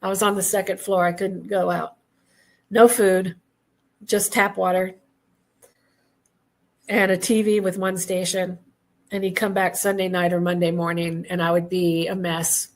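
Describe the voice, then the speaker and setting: A woman guest who is an Army veteran, speaking candidly in a halting way and often clearing her throat. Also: lowish voice, level tone. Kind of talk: personal testimony in conversation.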